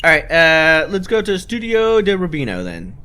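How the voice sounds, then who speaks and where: A man's voice: a little high, moderate pace, clear, resonant tone. A man casually commenting on a game and reading the hero's lines aloud. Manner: animated, chatty, reads lines aloud. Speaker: let's play host.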